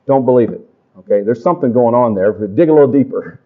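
A middle-aged man preaching a testimony sermon to a congregation, folksy and animated in his storytelling. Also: medium pitch, fast talker. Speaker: pastor. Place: church or camp meeting. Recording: dull lo-fi live recording.

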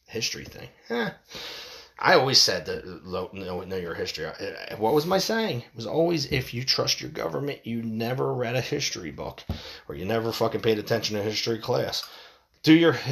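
A man's voice: on the low side, fairly bright tone. A man delivering a heated monologue to his viewers, swearing often, repeating himself and stumbling over restarts. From United States. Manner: fired up, swearing, repeating phrases. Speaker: vlogger.

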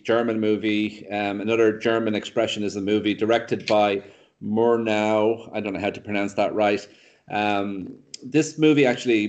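A man with a lowish voice talks through a movie he loved in a loose, chatty podcast way. He rambles, restarts his sentences and fills gaps with ums as he gets carried along by the story. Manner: rambling, animated retelling with many fillers and restarts. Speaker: podcast co-host reviewing films. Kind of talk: casual chat.

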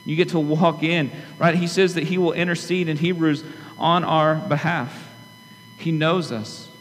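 A pastor preaching a sermon to his church in an earnest, conversational way, often turning to the congregation with quick asides. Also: fairly high pitch, steady tone. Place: church sanctuary. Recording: long hall reverb with faint hum.

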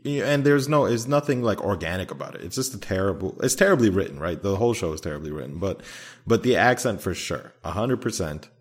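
A man's voice: deep voice, lively intonation, quick pace, breathy edge. A young man co-hosting a podcast, chatting casually and rambling with frequent restarts. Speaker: podcast co-host. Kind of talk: casual chat.

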